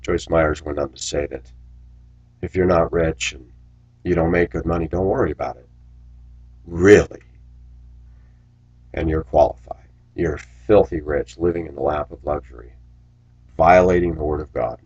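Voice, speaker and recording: Deep husky man, preachy storyteller with a grievance, rambling to camera. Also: normal speed, a little mellow, lo-fi sound. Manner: preachy, aggrieved, storytelling with asides. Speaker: school bus driver. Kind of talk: rambling personal monologue.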